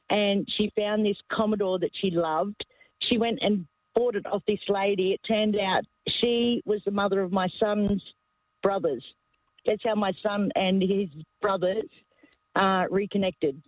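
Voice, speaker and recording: A woman's voice: mid-range voice, unhurried, no room sound. A woman calling in to radio, telling her story in a giggly, slightly hesitant way. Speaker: caller. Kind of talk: phone-in anecdote. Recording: dull phone line.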